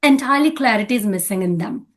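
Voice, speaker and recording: High voiced indian english woman explaining pronunciation stuff, keeps checking in with right?. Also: expressive, fast. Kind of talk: casual conversation about speaking English.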